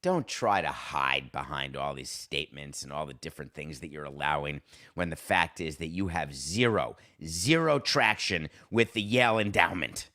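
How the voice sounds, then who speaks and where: A man hosting a sports podcast, delivering a sarcastic, animated, worked-up opinion monologue. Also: very deep voice, normal speed. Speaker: podcast host.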